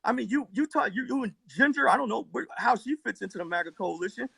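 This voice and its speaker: A man with a fairly high voice and a rough, gravelly texture, breathy around the edges, talks into his phone during a live argument. He swears constantly and rambles, circling back through his story. The sound is close and dry. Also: animated, fast talker, bright, forceful tone, no room sound. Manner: profane, rambling, worked-up storytelling. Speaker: livestream debate participant. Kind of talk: heated live-stream argument.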